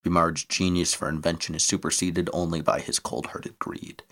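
A man's voice: low-pitched, flat delivery, moderate pace, fairly bright tone. A man reading aloud and voicing a plain-spoken, wary frontier lawman. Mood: blunt.

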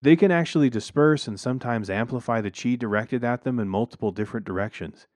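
A man voicing a laid-back male neighbor keen on feng shui, earnest and mellow, who keeps saying "man". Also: mid-range voice, fast talker, no room sound, pitched above the performer's own voice, lightly acted.

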